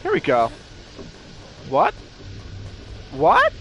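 A man casually commenting on his own gameplay, excitable, exclaiming and playfully taunting enemies into a desk mic. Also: very high voice, extremely slow, creaky, muffled recording, a little hiss or hum. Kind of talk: casual let's-play commentary. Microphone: personal desk mic.

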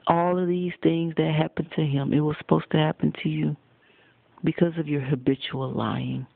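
A man preaching a sermon, addressing his listeners directly and accusingly at a deliberate pace. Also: on the high side, fairly even intonation, gravelly, no room sound. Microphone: phone. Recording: tinny phone recording, dry.

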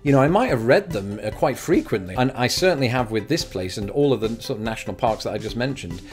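A man's voice: mid-range voice, expressive, fast, soft background music. A young English man hosting a casual vlog, talking with wry, self-deprecating asides. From England. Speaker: YouTube host.

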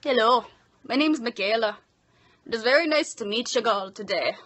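A woman voicing a friendly young Scottish woman, attempting a Scottish accent and speaking brightly and politely. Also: a little high, lively intonation, moderate pace, poor audio.

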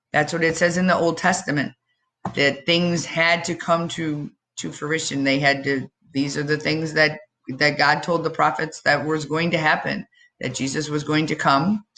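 Lady with a low voice doing a kids' sermon story in church, lots of questions to the kids. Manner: expressive, asks children questions, dramatic pauses. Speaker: children's message leader.

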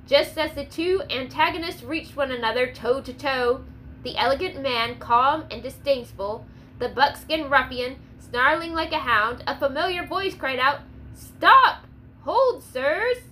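Woman, audiobook narrator, expressive, high voice, faint hiss. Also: normal speed, low-quality recording. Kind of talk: scripted narration.

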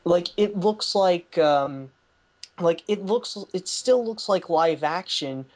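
A man's voice: high-pitched, lively intonation, takes it slowly, darkish tone. A man hosting a podcast, chatting casually about a film and rambling with lots of "like" fillers and restarts. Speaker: podcast host. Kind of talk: casual movie review chat.

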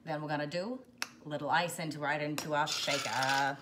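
A woman's voice: sits low, steady tone, a little fast, background noise. A woman hosting a casual cocktail how-to, chatty and jokey, wandering into playful asides as she mixes. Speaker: home bartender host.

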